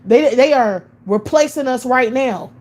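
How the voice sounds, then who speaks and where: A woman from the United States, her voice sitting a little high, rants with open scorn. She swears constantly and fires off rhetorical questions one after another. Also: unhurried, darkish tone. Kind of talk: profane ranting monologue.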